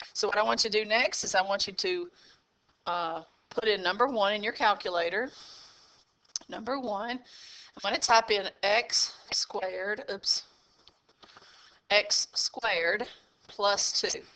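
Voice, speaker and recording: A woman math teacher talks her class through a lesson at a steady, patient pace. Her voice is bright and clear. She breaks each step down and keeps pausing to ask "okay?". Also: medium pitch, low-quality recording. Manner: patient, step-by-step explaining with frequent "okay?" checks.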